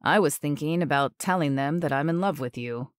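A woman voicing a confident, tender young man in love, speaking low and softly. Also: a little fast, no room sound, studio quality, close to an everyday voice.

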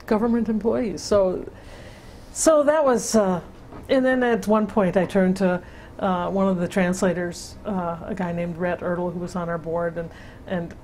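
A woman's voice: medium pitch, a little mellow, a little hiss or hum. An older woman recounting memories in an oral history interview, telling her story with many restarts and fillers. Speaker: interviewee, sister-city project founder.

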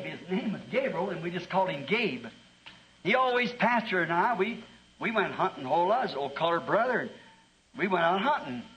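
A man's voice: high voice, a bit bright, a little hiss or hum, rough recording. A middle-aged man preaching a sermon in a fervent, folksy way, telling a story and often repeating his words.

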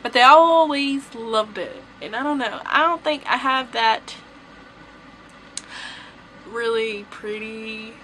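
Bright, high-voiced Tennessee woman. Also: lively intonation, slow pace, long pauses, a little hiss or hum, poor audio. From southern United States. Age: young adult. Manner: chatty, rambling, laughs often. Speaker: vlogger. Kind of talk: casual vlog chat.

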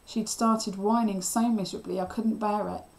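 A woman teacher reading a children's novel aloud. Her storytelling is steady and expressive, and her voice sits in a middle pitch. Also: normal speed, creaky, poor audio.

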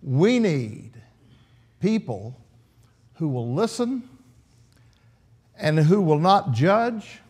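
A man's voice: fairly high pitch, sing-song, very slow, pauses often, darkish tone, slightly rough. A man preaching an earnest, emphatic sermon in church, often restarting his phrases.

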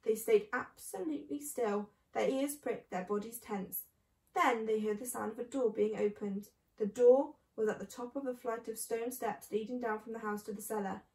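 Expressive woman reading a children's book. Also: fairly high pitch, normal speed, echoey room, recorded from a distance, poor audio. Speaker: storyteller.

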